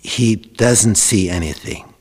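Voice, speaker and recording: A man voicing a clever mother who urges her son on in a hushed, coaxing voice. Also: on the low side, takes it slowly, slightly rough, in a large hall. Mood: urgent. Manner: urgent, coaxing, half-whispered. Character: clever scheming mother Rebecca, hushed and urgent.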